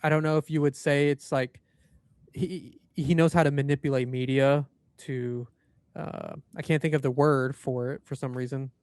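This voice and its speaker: A man's voice: mid-range voice, steady tone, moderate pace, a little mellow, no echo. A man co-hosting a paranormal podcast, chatting casually and rambling through loose asides. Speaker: podcast co-host. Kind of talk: casual chat.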